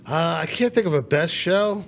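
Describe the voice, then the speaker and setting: Comedian guest, male, high gravelly voice, animated storyteller who acts out his quotes. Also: moderate pace, slight background noise. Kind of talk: casual podcast storytelling.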